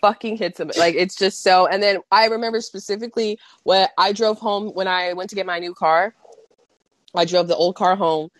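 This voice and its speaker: A young woman co-hosting a casual podcast, telling quick anecdotes, laughing and swearing freely. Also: mid-range voice, steady tone, no room sound. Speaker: podcast co-host. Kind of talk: casual chat.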